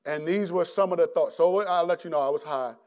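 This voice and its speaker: A middle-aged male preacher tells his own story in a slightly high voice. He is animated and halting, restarting and repeating words as he goes. He acts out his past self and breaks into laughter. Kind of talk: personal testimony sermon.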